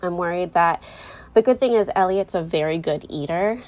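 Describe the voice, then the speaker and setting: A woman's voice: on the low side, moderate pace, darkish tone. A young woman, a mom, talking candidly and rambling a little to her viewers, often correcting herself mid-sentence. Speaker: mom vlogger. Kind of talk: casual talk to camera.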